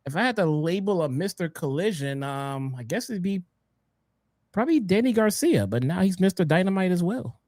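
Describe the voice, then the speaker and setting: A laid-back man co-hosting a casual podcast, speaking with a slightly high voice. He talks hesitantly and fills his pauses with "um". The sound is dry and close. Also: big pitch swings, darkish tone, no room sound. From Chicago area. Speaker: podcast co-host.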